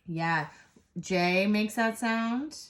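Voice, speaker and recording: Slowly and patiently, a medium-pitched woman sounds out letters during a first grade phonics lesson, praising the class as she goes.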